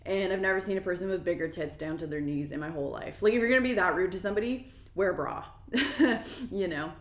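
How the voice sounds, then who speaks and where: Low-voiced woman ranting. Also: quick pace. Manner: profane, lots of "like" fillers. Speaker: mukbang vlogger. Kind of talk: casual storytime rant. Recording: roomy echo.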